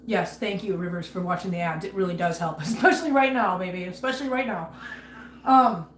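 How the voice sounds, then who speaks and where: A woman's voice: fairly low pitch, brisk, slight background noise. A woman hosting a casual livestream, ranting angrily and greeting viewers by name between outbursts. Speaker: livestream host. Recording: echoey room with faint ambience.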